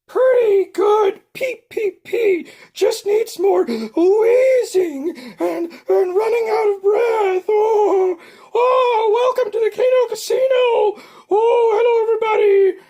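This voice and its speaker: A man's voice: extremely high pitch, slow, dark tone, voice pushed up. A man doing an impression of a wheezing, wailing male casino streamer on his livestream. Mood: shrill wailing. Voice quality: shrieking, wailing.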